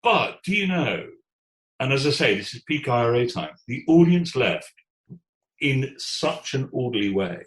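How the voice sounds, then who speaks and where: A British theatre executive in his sixties telling stories in an interview, animated, often restarting words and quoting voices. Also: mid-range voice, normal speed, roomy sound, poor audio. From Britain. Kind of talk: conversational storytelling.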